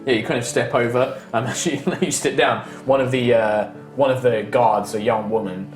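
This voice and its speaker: A man's voice: mid-range voice, fairly even intonation, moderate pace. A man, running a tabletop game as dungeon master in loose, chatty narration full of fillers. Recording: echoey room with faint music.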